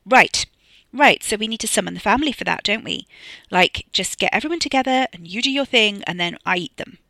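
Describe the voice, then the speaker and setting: A narrator voicing a forceful, bossy young woman in an audiobook, speaking loudly and emphatically. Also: expressive, brisk, creaky, no room sound. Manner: loud and emphatic, raised pitch. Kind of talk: audiobook character voice.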